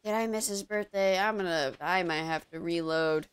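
A woman's voice: fairly low pitch, normal speed, smooth. A woman streamer in a casual gaming stream, groggy and out of it, sarcastically cursing at game characters.

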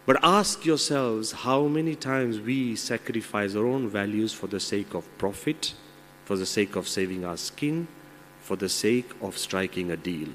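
A man's voice: lowish voice, unhurried, a bit bright. Man telling a moral fable in a hall. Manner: storytelling, moralizing asides. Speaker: monk and motivational speaker. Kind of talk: motivational talk with a told fable. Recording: long hall reverb.

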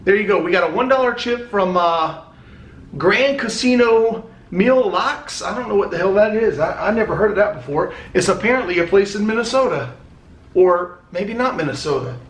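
Chatty high-voiced man opening fan mail. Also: animated, moderate pace. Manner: chatty, rambling, swears casually. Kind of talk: casual chat. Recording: echoey room.

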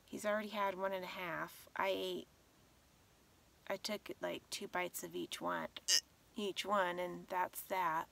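A woman's voice: fairly low pitch, steady tone, measured pace, creaky, fairly bright tone, far from the mic. A tired woman vlogger chatting casually at night, half asleep and rambling as she shows her things. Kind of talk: casual late-night vlog chat.

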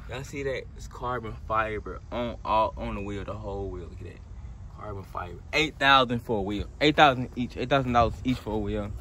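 Young male vlogger, Southern US drawl, hyped walkaround of a car lot on a phone, mid-range voice, light outdoor hiss. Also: medium pitch. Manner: excited, loose slangy chatter to viewers. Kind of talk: casual walkaround car vlog.

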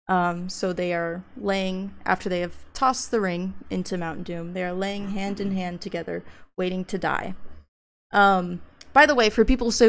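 A woman's voice: fairly low pitch, fairly even intonation, moderate pace. A young woman giving a casual academic presentation, reading book passages aloud. She hesitates often with ums and uhs, and turns blunt and profane when she gets worked up. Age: young adult. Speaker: graduate student presenter.

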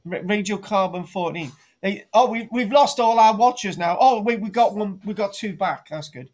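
Over dull, lo-fi home stream audio, a middle-aged man meanders through a joking archaeology lesson, ribbing his co-host and starting his sentences over. He talks at a moderate pace, his voice sitting high with a darkish tone.

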